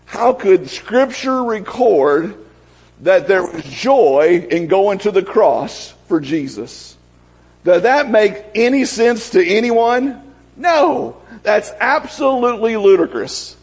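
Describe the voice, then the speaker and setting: A male pastor delivers a sermon in a high, husky voice. He moves between soft, prayerful passages and excited, fervent exclamations. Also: slow pace, poor audio.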